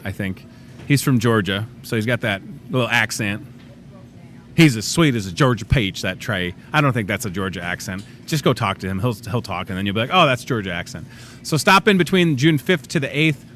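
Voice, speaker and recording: A man's voice: medium pitch, fairly bright tone, a little hiss or hum. A middle-aged man, hosting a casual daily talk show in a chatty, upbeat, self-joking way.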